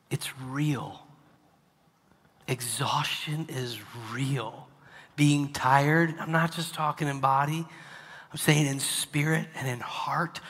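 A male pastor delivers a sermon in a large hall, his voice a little high and husky. He drops to hushed, almost whispered lines, then climbs into loud, emphatic preaching.

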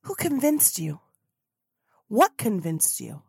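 A woman's voice: mid-range voice, sing-song, slow pace, creaky, a little mellow, breathy edge, no echo, studio quality. A woman hosting a spiritual motivation podcast, talking in an effusive, preachy way and leading chanted affirmations. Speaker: podcast host.

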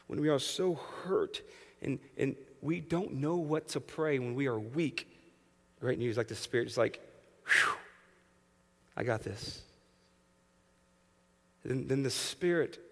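Animated man preaching in a reverberant hall. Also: medium pitch. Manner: animated preaching, swings from hushed to loud, acts out voices. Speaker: pastor. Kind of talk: sermon. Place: church sanctuary.

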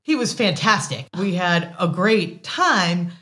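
A woman in her late thirties telling a work story as an interview guest, animated with quick asides and laughs. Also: fairly low pitch. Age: late 30s. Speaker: wine sales guest. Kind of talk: casual storytelling.

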